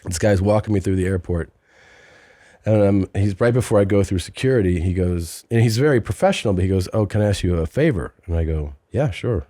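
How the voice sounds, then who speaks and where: A man's voice: deep voice, brisk, dark tone, no echo. A man hosting a podcast, telling a long story in casual chat and slipping into mocking voices. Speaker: podcast host.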